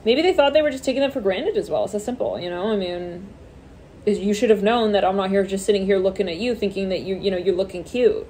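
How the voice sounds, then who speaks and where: A woman's voice: mid-range voice, fast, warm tone, slight background noise. A woman giving a casual tarot reading, rambling with many fillers and swearing offhandedly. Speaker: tarot reader.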